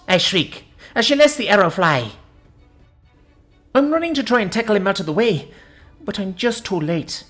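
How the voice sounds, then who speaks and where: A woman reading a first-person science-fiction story aloud in an expressive, dramatic narration. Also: mid-range voice.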